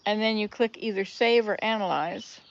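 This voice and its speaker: An older woman, a grandmother, chatting casually and telling jokes on her vlog, laughing loudly at the punchlines. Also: mid-range voice, moderate pace, dull audio, slight background noise. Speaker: vlogger. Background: birdsong.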